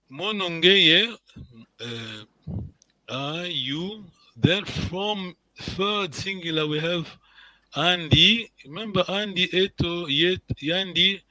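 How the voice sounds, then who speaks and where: Guy teaching a language class online, bright clear voice, dry close sound, keeps saying yes? and well done. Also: on the high side, no room sound, poor audio. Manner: patient, encouraging, repeats words, checks with "yes?".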